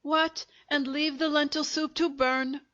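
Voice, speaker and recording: A woman voicing a bossy, ample wife of about thirty, sharp and scolding, on a dull lo-fi recording. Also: sits high, flat delivery, measured pace, voice pushed up.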